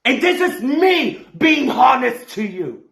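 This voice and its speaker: A German-accented man tears into a wrestling trash-talk promo, his voice pitched unusually high and swinging widely as he shouts and curses. He drags his words out slowly. The recording has a roomy echo. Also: big pitch swings, vocal fry. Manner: ranting, cursing, shouting in bursts. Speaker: fan wrestling promo competitor.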